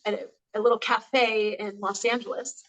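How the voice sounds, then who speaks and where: A woman's voice: mid-range voice, fairly even intonation, moderate pace, a bit bright, poor audio. A woman hosting a casual movie review channel, chatty and loose, with lots of fillers. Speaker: co-host. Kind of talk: casual film review chat.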